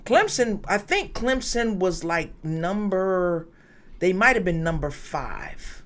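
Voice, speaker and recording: Lively, animated woman sports podcaster. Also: on the low side, slow. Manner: animated, chatty, laughs often. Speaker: podcast co-host. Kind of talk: casual sports chat.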